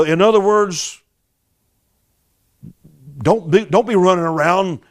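A man's voice: sits high, slow pace. A man preaching a sermon, reading scripture and exhorting his listeners. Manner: emphatic, exhorting, with repeated interjections to the audience.

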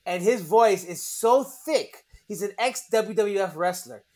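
A man hosting a podcast in casual chat, excitable, laughing often, swearing and restarting his sentences. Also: sits high, slow. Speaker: podcast host.

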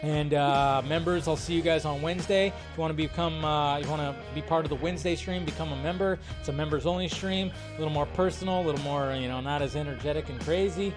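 A man's voice: on the high side, fairly even intonation, fast, few pauses, music in the background. Chatty man hosting a live movie stream. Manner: rambling, chatty, reads viewer comments aloud. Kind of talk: casual live-stream chat.

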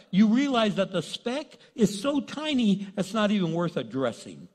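A man preaching a sermon, animated and joking, acting out the voices of the people he quotes. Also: high voice. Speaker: pastor. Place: church hall. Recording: long reverb of a church hall.

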